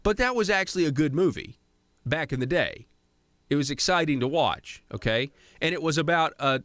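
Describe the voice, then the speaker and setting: A man hosting a conservative talk radio show, his voice at a middling pitch and dry in the studio with almost no room sound. He rants with sarcasm and rambles off on tangents, tripping over his own restarts. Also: animated, a little fast, fairly bright tone, no room sound. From Arkansas.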